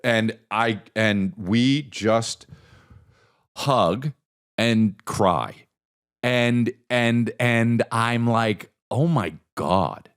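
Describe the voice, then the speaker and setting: A man hosting a podcast who tells a story in a casual, animated, profane way and acts out the voices of the people in it. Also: mid-range voice, drawn-out words, smooth. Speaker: podcast host.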